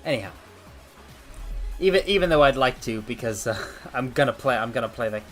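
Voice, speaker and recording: A man streaming casual chat, theatrical and animated, calling his viewers mortals, a little out of breath. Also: mid-range voice, a little fast. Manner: animated, swings between loud outbursts and mock apologies. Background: faint background music.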